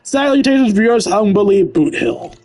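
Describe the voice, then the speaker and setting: A cowboy gunslinger from a video game reads out a flowery formal letter in a deliberately lowered drawl, put on by a man. The voice still sits fairly high beneath the drawl. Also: animated, darkish tone, faint music behind, poor audio. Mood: pompous.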